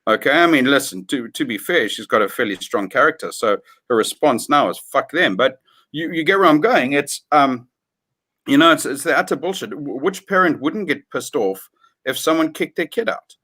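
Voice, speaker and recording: A man's voice: mid-range voice, expressive, moderate pace, sharp tone. A middle-aged man from South Africa, a guest on a livestream chat, talking bluntly and swearing freely as he rants.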